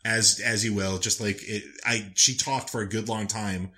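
A man with a low, bright, forceful voice chatting casually as a podcast co-host. He rambles wryly and swears freely as he picks apart a show. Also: fairly even intonation, moderate pace. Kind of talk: casual chat recapping a TV show.

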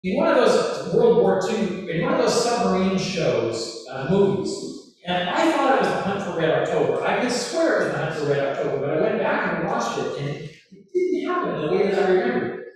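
High-voiced guy preaching, chatty asides, very echoey, mic far off. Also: sing-song, moderate pace. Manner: conversational preaching with rhetorical questions and asides. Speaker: pastor. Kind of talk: sermon.

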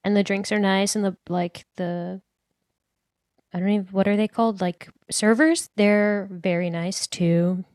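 A woman's voice: mid-range voice, steady tone, a little slow, darkish tone, dry recording, studio quality. A young woman co-hosting a podcast, chatting casually and filling her talk with "like". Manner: chatty, lots of "like" fillers. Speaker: podcast co-host. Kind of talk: casual chat.

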